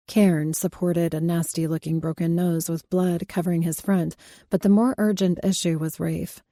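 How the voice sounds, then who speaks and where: A woman narrating a fantasy romance audiobook in a steady, even reading. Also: on the low side, dry recording, clean studio sound.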